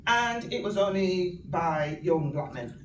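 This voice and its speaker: A woman with a Northern English accent telling personal stories as a speaker at an event, animated, laughing often and acting out quoted speech. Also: on the low side, unhurried. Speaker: guest speaker. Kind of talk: personal storytelling talk at an event. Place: event venue hall. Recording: echoey hall, mic from far off, noisy.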